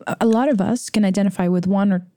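A woman's voice: medium pitch, fast, warm tone. A woman podcast co-host who gives a reflective recap in a casual chat, with plenty of fillers. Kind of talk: casual discussion.

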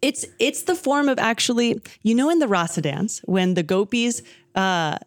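A woman's voice: on the high side, normal speed, no echo, studio quality. Rambling woman retelling a story. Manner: rambling, animated retelling with acted quotes and fillers. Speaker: storyteller in a devotional discussion. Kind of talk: casual storytelling in a group chat.

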